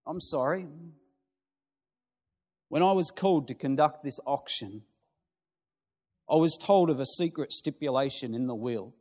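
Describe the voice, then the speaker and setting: A man voicing a persistent male auctioneer who keeps calling for bids in a measured, insistent way. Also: a little high. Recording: long hall reverb with soft music.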